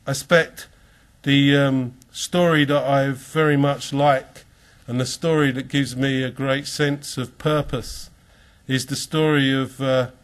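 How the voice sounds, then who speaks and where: A man from England addresses a conference crowd. He tells a story about a farmer and two priests, then moves into earnest, preaching-style encouragement. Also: medium pitch. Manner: storytelling with quoted voices. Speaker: Christian speaker. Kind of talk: conference talk.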